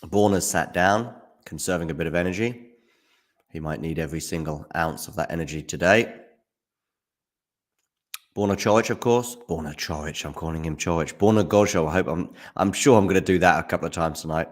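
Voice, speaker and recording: A man's voice: low-pitched, a little fast. A man hosting a live tennis watchalong, chatting casually with hums and fillers while snacking on chocolate. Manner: relaxed, musing, hums and fillers. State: eating chocolate while talking. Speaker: watchalong host.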